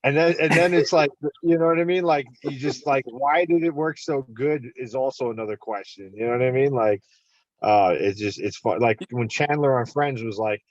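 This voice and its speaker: A podcast host musing hesitantly, with a lot of filler words, in a casual chat. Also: male voice, medium pitch, a little fast, dry recording. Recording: slightly dull, lo-fi mic.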